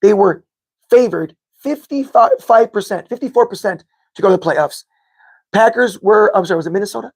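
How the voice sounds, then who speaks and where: A man's voice: high voice, normal speed, slightly rough. A man hosting a live sports fan podcast, chatting casually with viewers, rambling and repeating himself as he corrects his own figures. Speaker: podcast host reading live chat.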